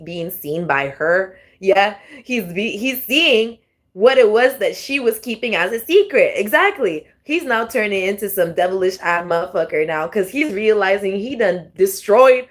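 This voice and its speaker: A young adult woman does a casual tarot reading vlog, speaking directly to her viewers, swearing freely and laughing often. Her voice is medium-pitched and moderately paced.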